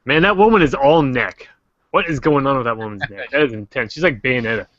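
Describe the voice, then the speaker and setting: A man hosting a casual livestream discussion, joking and animated. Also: mid-range voice, a little fast, no room sound, lo-fi sound. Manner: joking, animated, quotes characters in silly voices. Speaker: host.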